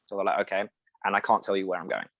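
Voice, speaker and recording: A man's voice: low voice, rapid-fire, no echo. A young man, an actor from England, chatting as a podcast guest and telling anecdotes with acted-out quotes. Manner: animated storyteller, acts out quoted voices. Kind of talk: casual interview chat.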